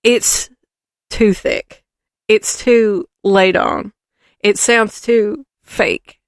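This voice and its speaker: A woman with a Southern US accent, co-hosting a podcast in casual, teasing, animated chat. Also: mid-range voice, very slow, no echo, clean studio sound. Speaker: podcast co-host.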